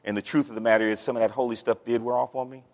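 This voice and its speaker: A man's voice: medium pitch, fairly even intonation, very fast, a little mellow. A man preaching a sermon as pastor, folksy, with homespun stories and plain everyday sayings. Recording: long hall reverb.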